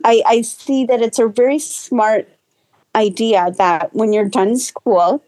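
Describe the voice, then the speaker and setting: A woman with a higher-pitched voice speaks as a real estate guest on a podcast. She offers earnest, practical advice, often restarting with "you know". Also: fairly even intonation, slow pace, a little mellow, rough recording. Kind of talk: casual interview chat.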